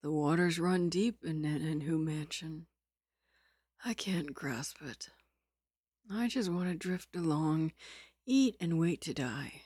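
A woman reads out a frail young nobleman who drifts through his words in a soft, breathy, lazy drawl. The voice sits a little low and comes across close and dry, with no room around it. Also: normal speed, no room sound, lightly acted. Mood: weary. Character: sickly, languid young nobleman, weak and resigned.

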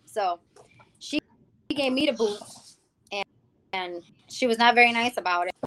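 Animated New woman telling her story. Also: fairly high pitch, a little slow, a little hiss or hum. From the Bronx, New York. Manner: animated storytelling, acting out quoted people, calls the host "girl". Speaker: guest, music founder. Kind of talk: personal testimony in a casual interview.

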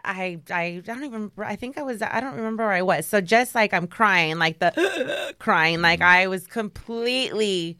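A young woman guest on a podcast, telling her story in a dramatic, animated way with many restarts. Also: medium pitch, moderate pace, few pauses, smooth, dry recording, studio quality. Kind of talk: casual storytelling.

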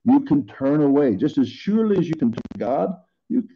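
A man's voice: fairly high pitch, very animated, fairly quick, few pauses, muffled recording. A middle-aged man in earnest, rambling casual talk about faith as a podcast co-host.

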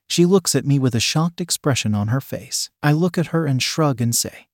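A man reading a first-person story aloud in an even, matter-of-fact way. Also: mid-range voice, moderate pace, few pauses, no echo, clean studio sound. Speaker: narrator.

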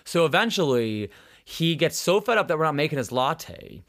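A man's voice: a little high, normal speed. A young man hosting a podcast, telling stories in casual chat, swearing and acting out the people he quotes. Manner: animated, swearing, acts out quotes. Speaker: podcast host.

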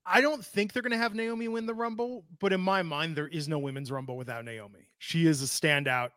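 A man with a high, bright voice talks through a casual wrestling podcast. His delivery is dry and sardonic. The sound is close and dead, with no room in it. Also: a little fast, no echo. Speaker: podcast co-host.

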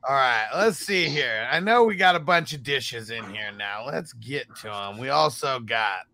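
A man's voice: mid-range voice, lively intonation, moderate pace, bright, forceful tone, a little hiss or hum. A man hosting a podcast, reading out viewer comments and chatting casually. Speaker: podcast host reading chat. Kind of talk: casual chat.

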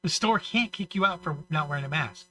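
A man's voice: a little high, expressive, fairly quick, pushed and bright, slight background noise, rough recording. A man co-hosting a casual talk show, rambling through stories and acting out the people he quotes. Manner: rambling storyteller, acts out quotes. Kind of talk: casual banter.

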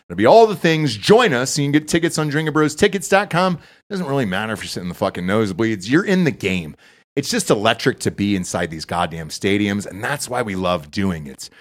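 Brash, profane male podcast host. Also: mid-range voice. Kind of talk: casual sports betting chat.

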